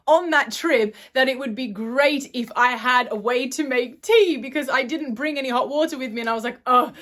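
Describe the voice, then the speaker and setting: High-voiced young woman vlogger, chatty. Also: moderate pace, fairly bright tone. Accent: not a typical Australian, somewhat British-sounding. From Australia. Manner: chatty and enthusiastic, with small self-corrections. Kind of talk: casual chat.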